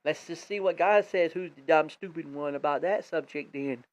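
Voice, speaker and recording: A high-pitched man rambles and exhorts his listeners, circling back and repeating himself as he preaches. He hosts a live online radio stream. The sound is muffled and lo-fi, picked up by a tablet's built-in microphone. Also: normal speed.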